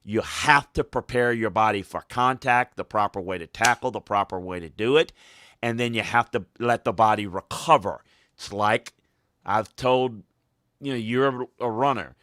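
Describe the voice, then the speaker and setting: Forceful man, emphatic coach talk. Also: fairly low pitch, moderate pace, dry recording, clean studio sound. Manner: emphatic, repeats phrases for stress. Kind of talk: casual podcast talk.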